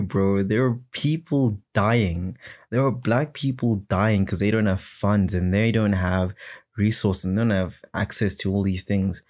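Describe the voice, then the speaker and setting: Hosting his own podcast, a man with a fairly low, slightly mellow voice launches into a solo, unscripted rant. He rambles, gets heated, swears often, and mimics other people in mocking voices.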